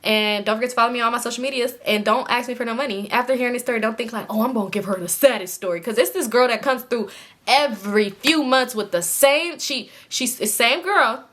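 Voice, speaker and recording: A young woman with a hoarse throat telling a storytime to her viewers in casual, slangy, animated chat. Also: fairly high pitch, quick pace. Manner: animated, slangy, quotes people in voices. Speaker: storytime vlogger.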